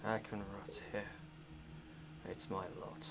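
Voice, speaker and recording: A broken, hopeless prisoner, as a man puts him on, rasping in a dry, hoarse voice. He sounds far lower and quieter than the speaker's own voice, and every word is worn and resigned. It belongs to a tabletop game told aloud. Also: flat delivery, slow pace, very noisy.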